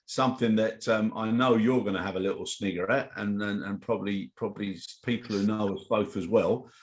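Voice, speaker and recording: Man, middle-aged, co-host, casual chat, chatty storyteller, lowish voice. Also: fairly even intonation, brisk. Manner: chatty, storytelling, reads news headlines aloud. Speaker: co-host of a weekly chat show.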